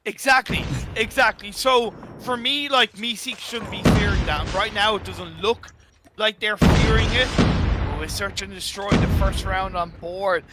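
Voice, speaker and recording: A man casting a mobile esports match live, excitable and jokey, often tripping over his words. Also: sits high, measured pace. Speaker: esports caster. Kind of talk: live play-by-play commentary. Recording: noisy game audio underneath.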